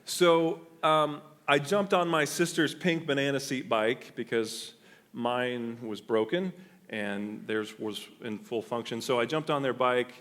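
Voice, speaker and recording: Male pastor, sermon, animated storytelling, mid-range voice. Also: mid-range voice, a little slow. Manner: animated storytelling with frequent restarts. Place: church sanctuary.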